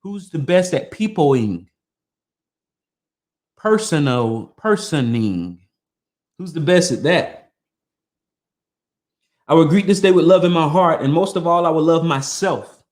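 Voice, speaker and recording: A man's voice: fairly high pitch, moderate pace, a little mellow. A man hosting a podcast, reading a motivational text aloud in an earnest, emphatic way and breaking off for casual asides. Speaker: podcast host.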